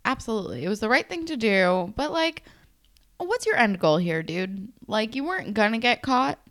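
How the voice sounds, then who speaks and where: A woman's voice: fairly high pitch, big pitch swings, moderate pace, fairly bright tone. A young woman co-hosting a podcast, gushing enthusiastically in casual recap chat. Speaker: podcast co-host.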